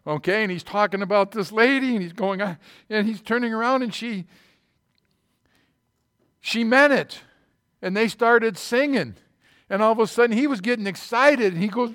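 Male preacher, high-pitched voice, colloquial storytelling that builds to fervent scripture reading. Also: normal speed, fairly bright tone. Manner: colloquial, with false starts. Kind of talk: sermon.

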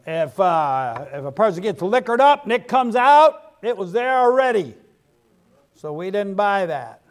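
A man's voice: sits high, animated, moderate pace. A middle-aged man preaching a sermon in a folksy way, dropping frequent amens to the congregation. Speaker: pastor.

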